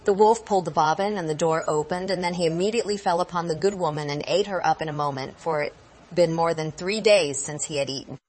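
A woman's voice: lowish voice, fast, darkish tone. Woman reading a fairy tale aloud. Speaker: storyteller.

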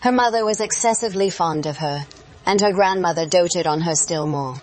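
A woman telling a fairy tale aloud in a measured, expressive way. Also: lowish voice. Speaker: storyteller.

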